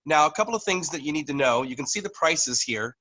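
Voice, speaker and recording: A man presenting to his team on a video call, halting, with many fillers and restarts, coughing now and then from allergies. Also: a little high, animated, bright, forceful tone, rough recording. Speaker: network marketing leader presenting to a team. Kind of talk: online business meeting presentation. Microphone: computer microphone on a video call.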